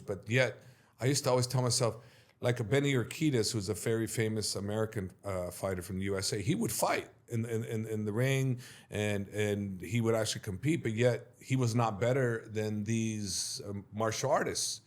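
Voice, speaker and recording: A middle-aged man, a martial arts coach being interviewed, telling stories in a lively way and acting out what others said. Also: on the low side, normal speed. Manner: animated storyteller who acts out quotes loudly. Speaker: MMA coach, interview guest. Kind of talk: storytelling in an interview.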